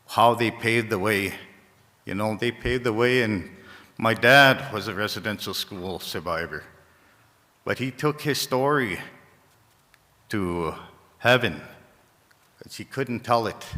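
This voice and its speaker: A man from Saskatchewan, a First Nations community leader, gives a halting, heartfelt ceremony speech, often repeating phrases. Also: mid-range voice, pushed and bright. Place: large gymnasium. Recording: echoey gymnasium reverb.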